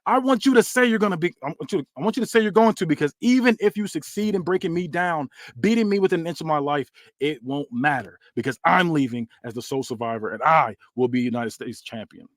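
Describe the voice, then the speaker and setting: A man's voice: fairly high pitch, quick pace, hardly any pauses, dry recording, studio quality, natural voice. A man voicing a determined young male wrestler, talking in a resolute, defiant way.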